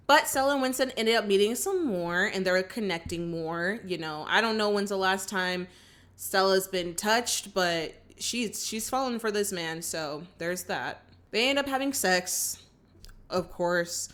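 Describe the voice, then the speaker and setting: A young woman hosting a casual movie reaction, recapping the plot in an animated way and acting out the characters' lines. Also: medium pitch, normal speed.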